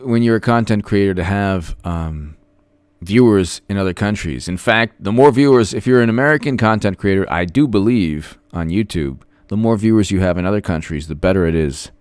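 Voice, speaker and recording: A man's voice: fairly low pitch, animated, normal speed, darkish tone, smooth, no echo. A man hosting a political live stream, rambling and repeating himself with many fillers as he thanks viewers.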